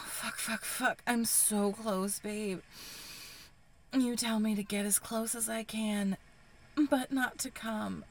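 A woman telling an intimate story in first person in a breathy, sighing, hushed whisper, as a whispered role-play. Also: medium pitch, a little hiss or hum. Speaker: erotic audio narrator.

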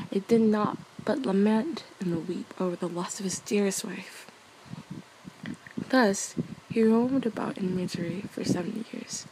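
A young woman reads a fairy tale aloud as a bedtime story in a soft, casual way. Her voice sits at an ordinary middle pitch, and she laughs lightly at her own slips. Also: slight background noise, rough recording.

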